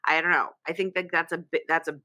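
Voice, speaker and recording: A woman's voice: low-pitched, flat delivery, quick pace, sharp tone, dry recording. A woman hosting a podcast in casual chat, talking in a chatty, digressive way full of asides, recorded on a computer mic. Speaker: podcast host. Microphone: computer microphone.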